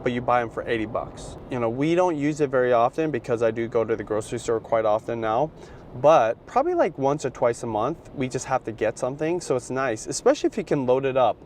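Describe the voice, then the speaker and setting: A laid-back, middle-aged man talks to his camera in a casual vlog, his voice sitting at an ordinary pitch and slipping into easy slang. A faint hum of background noise runs under him. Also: animated, fast talker, darkish tone. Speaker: vlogger.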